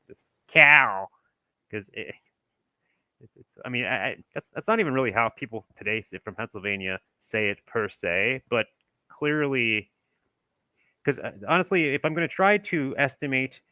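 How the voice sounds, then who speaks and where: Rambling man from Maryland, bright dry voice. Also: fairly low pitch, dry recording, dull audio. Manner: rambling, many restarts and chuckles. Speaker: channel host. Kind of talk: casual commentary reading from an old text.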